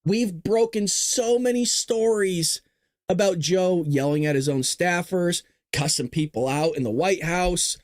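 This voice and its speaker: A man hosting a live political commentary show, talking in an animated, sarcastic way with laughing asides. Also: high-pitched, measured pace, no room sound, studio quality. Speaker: host.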